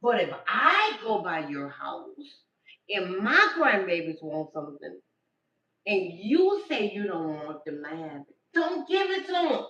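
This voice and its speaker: A woman's voice: fairly low pitch, big pitch swings, slow, sharp tone. An older woman, talking casually to her livestream viewers, emphatic and repeating herself for effect. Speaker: livestream host. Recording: distant, dull, echoey room sound.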